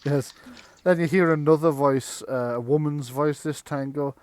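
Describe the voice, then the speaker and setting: A man's voice: on the high side, fairly even intonation, normal speed, hardly any pauses, a little mellow, dry recording. A man narrating a tabletop game as game master, playful and often chuckling.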